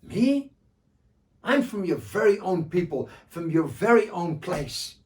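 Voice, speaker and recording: A man's voice: sits high, big pitch swings, slow pace, darkish tone, pitched above the performer's own voice, heavily acted. A man doing Joha, a sly sing-song trickster. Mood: flattering. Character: sly, hungry trickster man with a smooth tongue. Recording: distant mic.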